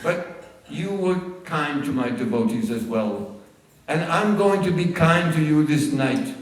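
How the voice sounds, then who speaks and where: A man booming as a half-lion, half-man god, wrathful and protective, his slow, raised, higher-pitched threats ringing through a very echoey hall from well back off the mic. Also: lively intonation, recorded from a distance. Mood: threatening. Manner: slow, loud, threatening delivery.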